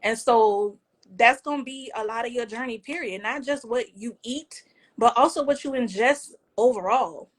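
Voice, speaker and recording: New lady on a podcast, kinda high voice, laid back and chatty. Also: moderate pace. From New Orleans. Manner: relaxed, conversational, acts out family banter. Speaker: podcast co-host. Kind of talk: casual heartfelt chat.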